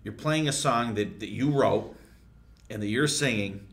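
A man's voice: fairly low pitch, unhurried, fairly bright tone. A man co-hosting a podcast, chatting with a guest in an enthusiastic, chummy way with casual swearing. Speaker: podcast co-host. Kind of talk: casual interview chat. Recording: roomy echo.

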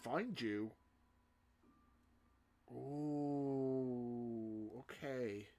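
A man's voice: mid-range voice, very slow. A man hosting a video, reacting to a game trailer with gasps, exclamations and laughter. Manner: gasping exclamations and laughter, shouting when thrilled.

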